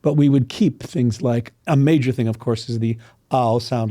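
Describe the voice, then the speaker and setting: A man's voice: medium pitch, normal speed, mellow, no echo, studio quality. A man working as a voice coach, explaining dialect sounds in a casual interview and acting out vowels as he goes. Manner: demonstrates vowel sounds, clears throat often. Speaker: voice coach guest.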